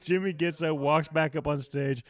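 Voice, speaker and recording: A man's voice: a little high, fairly even intonation, normal speed. Rambling, profane male comedian. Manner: rambling storyteller, heavy fillers, profane. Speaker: comedian and podcast co-host. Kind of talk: casual podcast chat.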